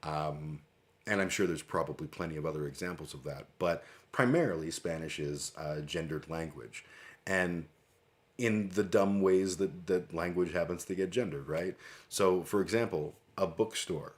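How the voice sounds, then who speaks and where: A man's voice: deep voice, normal speed. A middle-aged man hosting a livestream, telling a rambling story with lots of fillers and casual swearing. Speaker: livestream host. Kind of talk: casual monologue.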